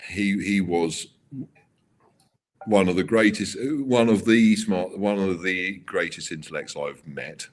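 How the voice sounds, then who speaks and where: Deep-voiced man telling stories. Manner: halting restarts, acts out quoted voices. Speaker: racing car designer and guest. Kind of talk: animated storytelling interview.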